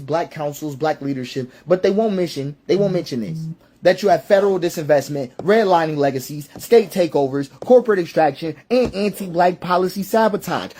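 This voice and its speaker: A man's voice: sits high, a little mellow. Sex: man. Style: impassioned spoken monologue. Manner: emphatic, rhetorical, repeats key phrases. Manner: stops and restarts mid-sentence when building a point. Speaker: social commentator.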